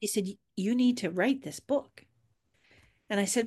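Speaking at a moderate pace, this author has a mid-range voice that's a little mellow with a breathy edge. She chats casually about her books and performs quoted dialogue as she tells a story.

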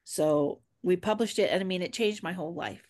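Woman, author, casual chat, lively storyteller, quotes people in voices. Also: lowish voice, a little fast. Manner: chatty storyteller acting out quoted dialogue. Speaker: author guest.

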